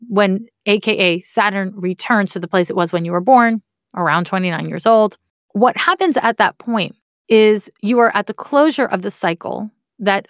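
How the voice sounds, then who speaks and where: A woman teaching astrology speaks in a medium pitch, keeping things casual and candid with the odd curse word and wry remark. The studio-quality audio has no echo.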